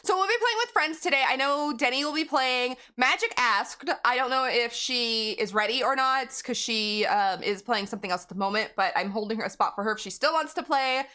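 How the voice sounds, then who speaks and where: A woman's voice: fairly high pitch, fairly quick, few pauses, bright, forceful tone. A woman game streamer in casual live-stream chat, rambling and giggling as she talks to her viewers.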